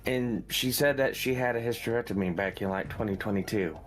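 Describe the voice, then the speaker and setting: Man, very low voice, slight lisp and slur, halting casual chat, faint music. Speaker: guest on a live stream.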